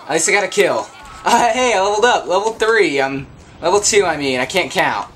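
A man's voice: high voice, expressive, brisk, a bit bright, soft background music. A young man giving casual let's play commentary, confused, swearing a lot, laughing and yelping whenever he gets hit. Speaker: gameplay commentator.

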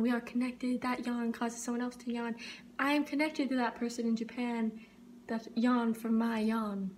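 A woman's voice: high-pitched, a little hiss or hum. A woman vlogging a playful, rambling monologue in a mock-profound way. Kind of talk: comedic monologue to camera.

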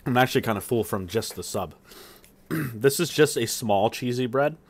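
A man's voice: mid-range voice, expressive, normal speed, vocal fry. A young man chatting casually through a food review vlog while he eats, rambling with lots of fillers and appreciative hums. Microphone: streaming setup mic.

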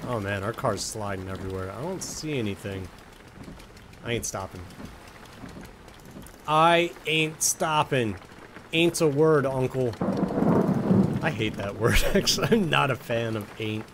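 A man's voice: lowish voice, lively intonation, normal speed, noisy background. A man casually commenting while playing a video game, joking with the characters and answering chat. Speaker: game streamer. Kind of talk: casual let's-play commentary.

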